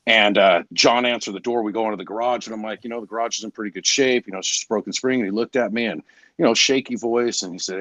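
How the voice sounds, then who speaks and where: A man's voice: fairly low pitch, fast, a bit bright, dry recording. A man in his forties, a garage door salesman, telling candid stories in a casual podcast chat and acting out the people he quotes. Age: 40s. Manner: candid, storytelling, quoting others in voices.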